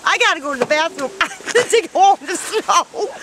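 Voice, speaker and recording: A woman's voice: very high-pitched, animated, brisk, background noise. An older woman from New York chatting and joking as her daughter films her outdoors. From Binghamton, New York. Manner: chatty, laughs often, joking. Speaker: mother of the camera operator. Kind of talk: casual family chat.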